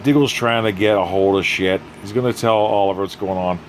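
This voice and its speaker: A man's voice: on the low side, brisk, slight background noise. A man recapping a TV episode in a casual comedy style, with profane, sarcastic ranting. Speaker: YouTube show reviewer.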